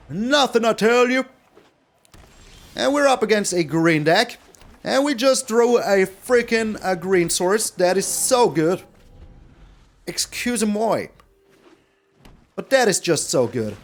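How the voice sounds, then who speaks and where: A man giving live gameplay commentary as a card game streamer, animated and repeating his phrases with lots of mild swearing. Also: high voice.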